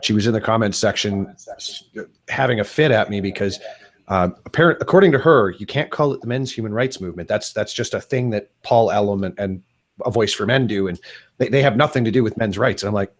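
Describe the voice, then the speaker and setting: A man with a low voice joins a casual live-stream chat. He makes dry jokes and often stalls with "uh" before finishing a thought. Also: a little fast. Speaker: stream guest.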